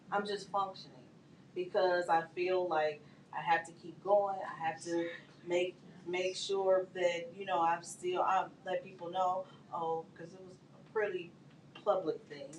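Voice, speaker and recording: Woman guest sharing her own story, lower voice, echoey far mic. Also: fairly even intonation, moderate pace, a little hiss or hum. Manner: personal storytelling. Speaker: guest speaker. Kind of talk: casual studio discussion. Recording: echoey studio, mic at a distance.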